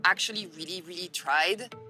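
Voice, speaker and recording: A woman's voice: lowish voice, normal speed, sharp tone, faint music behind. A woman with a French accent, a native French speaker, chatting animatedly in an interview and laughing often. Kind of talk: casual interview answers.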